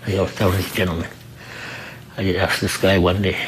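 A man who works the front desk at a recovery program, telling his own story in an earnest, halting way and often repeating himself. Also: low voice, level tone, fairly bright tone, a little hiss or hum, low-quality recording. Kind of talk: personal testimony in an interview.

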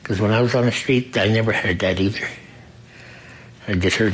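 A man who works the front desk at a recovery program, telling his own story in an earnest, halting way and often repeating himself. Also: fairly low pitch, steady tone, slight background noise, poor audio. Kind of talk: personal testimony in an interview.

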